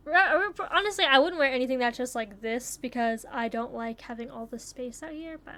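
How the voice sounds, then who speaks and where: A young woman chatting casually as she takes online quizzes, swearing freely and thinking out loud. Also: fairly high pitch, moderate pace. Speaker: YouTuber taking online quizzes. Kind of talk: casual commentary while playing.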